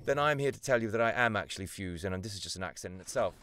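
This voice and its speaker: A man's voice: on the low side, very fast, no room sound. A man, a voice actor bantering playfully with strangers during a video game. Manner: playful, excitable banter with loud outbursts. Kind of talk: casual gaming voice chat.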